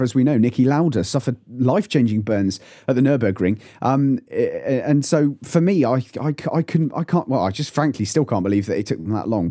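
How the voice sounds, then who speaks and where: Man, mellow dark voice, dry close sound, hesitant and earnest. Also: mid-range voice, no echo. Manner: hesitant, many restarts, earnest. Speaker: podcast panelist. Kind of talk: casual discussion.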